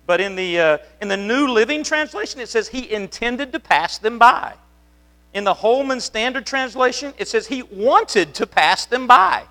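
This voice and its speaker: A man's voice: extremely high pitch, lively intonation, normal speed, pushed and bright. A man preaching a conversational sermon as a pastor, telling the story in a chatty way with many restarts. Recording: long reverb of a hall.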